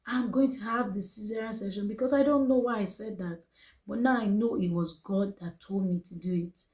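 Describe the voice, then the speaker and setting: A woman's voice: medium pitch, mellow, rough recording. A young woman with a Nigerian English accent telling her birth story to camera in an earnest, emotional way, repeating phrases for emphasis. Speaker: vlogger.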